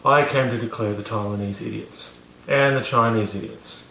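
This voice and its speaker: A man's voice: fairly low pitch, moderate pace, sharp tone, echoey room, slight background noise. A man casually telling a story to camera, rambling with many fillers and restarts, poking fun at himself. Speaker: vlogger teaching about learning.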